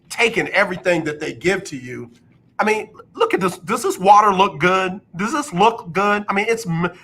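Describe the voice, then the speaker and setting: Bright-voiced, joking radio host. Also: male voice, sits high, rough recording. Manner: joking, reading out listener texts; animated, laughs often. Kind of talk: sports talk radio banter.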